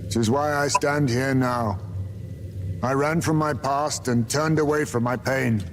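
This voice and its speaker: An actor voicing a grave old bat war veteran. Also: male voice, fairly even intonation, background noise, natural voice. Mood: solemn. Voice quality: deep, gravelly. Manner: solemn, measured declarations. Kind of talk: video game voice acting. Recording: game clip with music behind.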